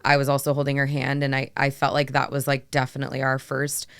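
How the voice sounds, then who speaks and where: A woman's voice: very deep voice, completely flat delivery, quick pace, smooth, dry recording. A woman in her thirties, co-hosting a podcast, talking reflectively in casual chat with many "like"s. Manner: soft, filler-heavy, reflective. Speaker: podcast co-host.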